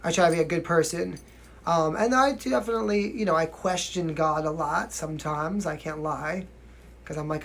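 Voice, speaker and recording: A man's voice: a little high, brisk, creaky, a bit bright, a little hiss or hum. A young man from New York with a mild New York accent, chatting casually on a livestream as a singer answering viewer questions, often asking "you know what I mean" and laughing.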